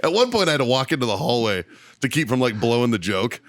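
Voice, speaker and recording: A man hosting a podcast, telling a profane, animated story about his time as a Marine staff sergeant. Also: mid-range voice, fast. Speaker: podcast host. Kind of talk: casual storytelling.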